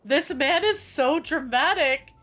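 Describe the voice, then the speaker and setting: A woman streamer giving casual, animated gameplay commentary, swearing freely and amused. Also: sits high, takes it slowly.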